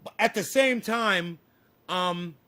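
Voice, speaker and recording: A man's voice: high voice, slow, sharp tone. A man ranting profanely and combatively at his livestream chat. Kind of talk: casual livestream rant.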